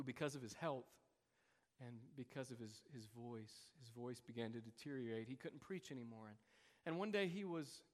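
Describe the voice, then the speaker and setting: A male pastor delivering a sermon, earnestly telling a story to his congregation at a mid-range pitch. His voice rings with the long reverb of a large church hall.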